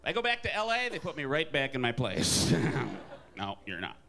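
Wry stand-up comic with a lively voice. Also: male voice, moderate pace, a little hiss or hum. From Wisconsin. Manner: wry, self-deprecating, jumps into high put-on voices for quoted characters. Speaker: stand-up comedian. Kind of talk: stand-up comedy set.

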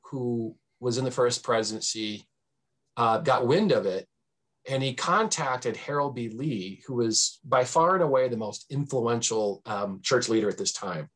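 Husky-voiced man telling history stories. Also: measured pace. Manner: animated, swings pitch for emphasis; frequent fillers and restarts. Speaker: history professor guest. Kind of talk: conversational storytelling.

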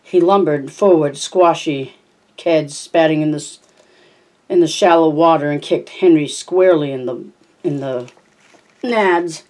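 A homemade audiobook narration at a middle pitch with a warm, dark tone. The reader trips over words now and then and backs up to fix them. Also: a little slow. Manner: frequent stumbles and self-corrections. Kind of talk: reading a novel aloud.

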